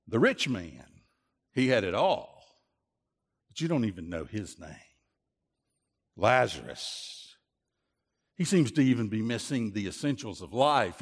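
Earnest preacher in an echoing hall. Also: male voice, on the low side, slightly rough. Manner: earnest, repetitive, with many restarts. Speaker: pastor. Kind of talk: sermon. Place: church.

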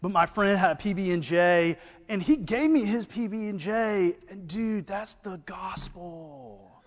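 A man's voice: sits high, measured pace, in a large hall, voice pushed up. A man voicing a laid-back young Southern college guy with a Brewton, Alabama drawl crossed with a surfer-dude way of talking. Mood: earnest.

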